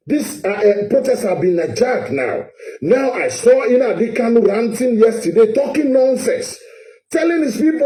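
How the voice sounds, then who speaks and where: Nigerian man, high and dark-toned, passionate political vlog rant, echoey room. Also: lively intonation, normal speed. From Edo State, Nigeria. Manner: impassioned, repetitive, stammering restarts. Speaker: vlogger.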